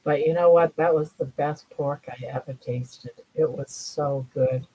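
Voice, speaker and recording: A woman's voice: low-pitched, steady tone, unhurried, warm tone, husky, rough recording. An older woman hosting a casual livestream chat from home, cooing to her pets in baby talk. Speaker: livestream host.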